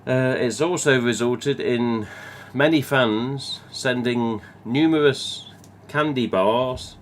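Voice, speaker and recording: Slow and medium-pitched, a Midlands-accented man from England chats casually on his live stream, going through viewer comments while rambling and sometimes cursing. A little hiss or hum runs underneath.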